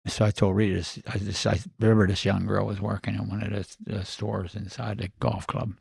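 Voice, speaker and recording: Gravelly older man telling rambling stories. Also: lowish voice, flat delivery, brisk, a little mellow, no echo, studio quality. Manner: rambling, digressive anecdotes with many fillers. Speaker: podcast guest. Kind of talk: casual storytelling.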